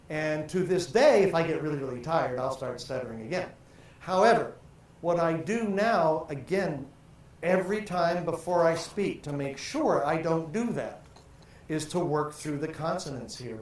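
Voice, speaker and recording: An older man teaching a speaking workshop, theatrically projecting and stretching out vowel and syllable drills. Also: on the high side. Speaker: voice and speaking coach. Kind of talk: workshop lesson with vocal exercises. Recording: very echoey room, faint ambient noise.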